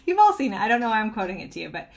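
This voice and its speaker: A woman's voice: medium pitch, racing, vocal fry. Woman, craft vlogger, casual chat, giggly, rambling. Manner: bubbly, giggly, rambling with restarts. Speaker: cross-stitch vlogger. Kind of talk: casual chatty show-and-tell.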